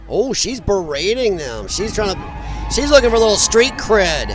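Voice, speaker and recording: A man's voice: high voice, sing-song, slow, long pauses, some chatter behind. A man hosting a live stream, commenting on protest footage in a blunt, mocking and profane way, rambling with frequent restarts. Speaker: livestream commentator.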